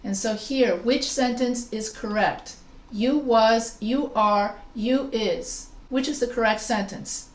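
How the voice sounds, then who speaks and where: A woman's voice: on the high side, takes it slowly, distant mic. Woman teacher in an echoey classroom. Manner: talks through slides with fillers and self-corrections. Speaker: writing instructor. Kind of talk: classroom grammar lesson.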